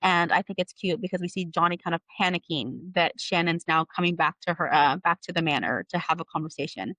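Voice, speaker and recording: A woman walking through a book's plot at a fast clip, her voice bright and a little tense. She leans on fillers as she goes. The recording is close and dry. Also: fairly low pitch, no room sound. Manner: quick recap with many fillers like "like" and "you know". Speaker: podcast co-host. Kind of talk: casual book recap.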